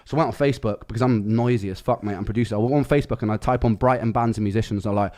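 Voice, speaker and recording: A man's voice: fairly low pitch, very fast, few pauses, darkish tone. A man, a music producer, tells a casual rambling anecdote with frequent restarts and swearing. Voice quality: rambling, self-correcting, swears freely. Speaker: music producer telling a story.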